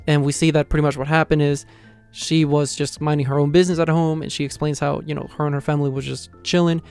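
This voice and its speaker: A man talks quickly in a slightly higher voice, recapping a manga chapter in a loose, rambling way and leaning on "you know" again and again. Faint music plays underneath. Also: flat delivery, vocal fry, darkish tone, clean tone. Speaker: manga reviewer.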